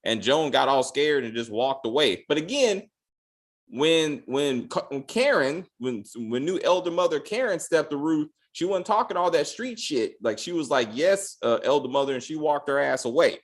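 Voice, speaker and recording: Animated man rambling through a recap. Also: fairly high pitch, moderate pace. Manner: animated, profane, rambling with frequent restarts. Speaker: host. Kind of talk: casual TV recap.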